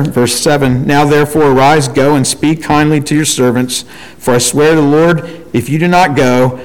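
A man preaching a sermon and reading scripture aloud, animated and acting out the voices of people in the story. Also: fairly high pitch. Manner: animated, acts out quoted voices. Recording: long hall reverb.

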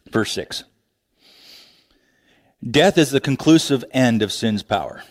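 Male pastor mid-sermon, animated delivery, light pitch that swoops a lot. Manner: animated preaching, frequent laughs and rhetorical questions.

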